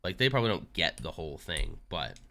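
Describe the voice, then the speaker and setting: A man's voice: a bass voice, sing-song, a little fast, gravelly, pushed and bright, a little hiss or hum. A young adult man chatting casually on a live stream, joking and self-deprecating. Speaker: livestreamer.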